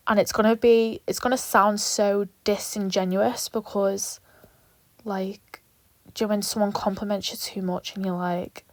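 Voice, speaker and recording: A young woman talking through a nail tutorial in an animated, rambling way, with lots of swearing and asides. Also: medium pitch, a little slow, no room sound. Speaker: nail tech vlogger. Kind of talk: chatty tutorial vlog.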